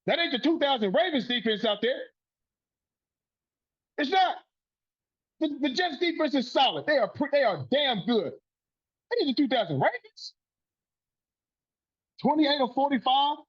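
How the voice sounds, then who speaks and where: Male sports podcast host, high husky voice, heated profane rant, lo-fi recording. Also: a bit bright. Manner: profane, fired-up and ranting.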